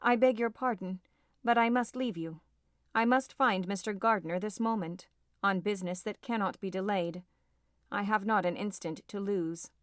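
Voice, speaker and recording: A woman's voice: medium pitch, measured pace, no echo, lightly acted. A woman reading an audiobook voices a distraught young woman, agitated and close to tears. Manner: agitated, tearful pleading.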